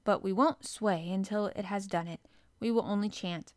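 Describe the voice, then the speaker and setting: A woman's voice: mid-range voice, moderate pace, darkish tone, no echo, studio quality, close to an everyday voice. A woman voicing a solemn, commanding young boy. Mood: chanting. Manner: grave, commanding, chanting. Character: earnest solemn young boy leading a chant.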